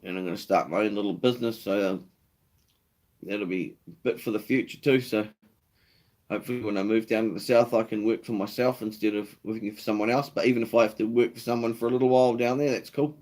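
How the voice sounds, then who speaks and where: A man's voice: lowish voice, steady tone, fast, darkish tone. Laid-back New Zealand man streaming live. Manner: laid-back, swears freely, reads out viewer comments. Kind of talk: casual live-stream chat.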